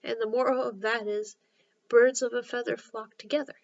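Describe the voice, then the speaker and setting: A woman's voice: on the high side, little pitch movement, moderate pace, gravelly, highs cut off. A woman voicing a fussy middle-aged noblewoman who finds a moral in everything, in a storybook reading. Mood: preachy. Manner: preachy, fond of morals.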